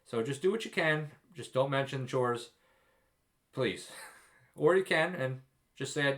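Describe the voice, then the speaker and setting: A man's voice: fairly high pitch, unhurried. A young man vlogging casual advice to expecting fathers, emphatic and jokey with self-deprecating stories.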